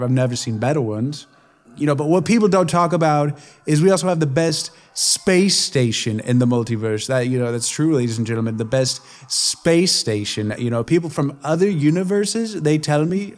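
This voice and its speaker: A man's voice: a little high, voice pushed down, close to an everyday voice. A man playing a villain doing a boastful politician impression, bragging and repeating himself.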